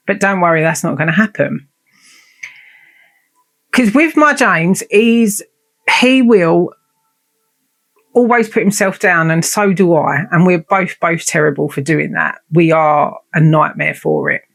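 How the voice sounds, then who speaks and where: Gravelly-voiced woman telling stories. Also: lowish voice, a little slow, pauses often. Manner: frank, swears freely, self-mocking. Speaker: podcast host. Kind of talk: casual storytelling monologue.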